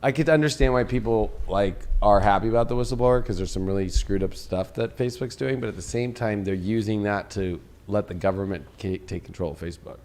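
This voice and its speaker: Excitable male tarot show host. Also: lowish voice, brisk, hardly any pauses. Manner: excitable, rambling, laughs and swears. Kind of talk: casual chat with co-host. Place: studio.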